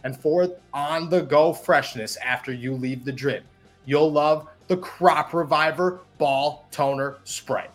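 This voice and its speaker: A man hosting a sports podcast, reading an ad and chatting with quick enthusiasm. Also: a little high, faint music behind. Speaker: podcast host. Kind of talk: sports podcast chat and read ad.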